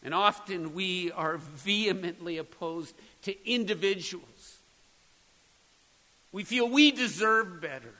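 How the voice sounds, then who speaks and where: Pastor, male, bright high voice, slow deliberate sermon delivery. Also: animated, long reverb tail, low-quality recording. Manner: earnest preaching, rising to emphatic peaks.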